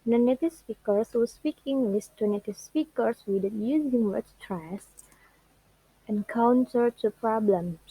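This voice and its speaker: A young woman, a student whose first language is Indonesian, presenting what she learned about English word stress in a careful, halting way and drawing out example words. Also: a little high, mellow, slightly rough, no room sound, poor audio. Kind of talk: classroom presentation.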